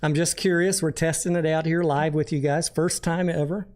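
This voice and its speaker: A man's voice: fairly high pitch, fairly even intonation, normal speed, darkish tone. A man hosting a casual livestream, chatting and joking while reading viewer comments aloud. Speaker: livestream host.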